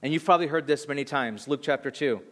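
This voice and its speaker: A man in his thirties preaching a sermon as a pastor, telling an animated, self-deprecating story with halting restarts in his reflective moments. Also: medium pitch.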